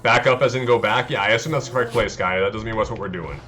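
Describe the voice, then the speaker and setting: A man's voice: lowish voice, fast, bright, forceful tone. A man streaming a video game, chatting casually and poking fun at his own play while answering his viewers. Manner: self-deprecating, talks to chat. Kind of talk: casual let's-play chat.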